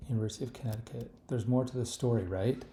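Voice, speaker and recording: A man thinking aloud as he works through a crossword, slowly reading clues half to himself. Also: mid-range voice, mellow. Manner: slow, musing, reads clues half to himself. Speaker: puzzle solver. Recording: echoey room with clear background noise. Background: keyboard clicks and typing.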